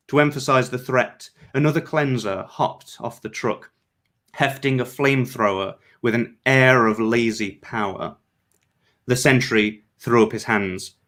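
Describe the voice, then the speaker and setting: A man reads his own story aloud at a measured pace. His voice sits mid-range for a man, and his narration is even and steady. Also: mid-range voice. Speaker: author. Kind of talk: reading fiction aloud.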